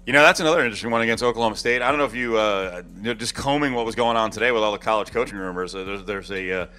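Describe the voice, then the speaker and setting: A man hosting a casual sports talk show, talking in a rambling, animated way. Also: fairly low pitch, racing, clear, resonant tone.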